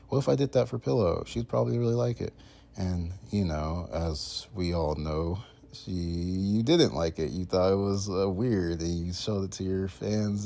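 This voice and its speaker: A man's voice: deep voice, warm tone. A man in his twenties casually rambling in a monologue, full of fillers and slang. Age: 20s. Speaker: content creator.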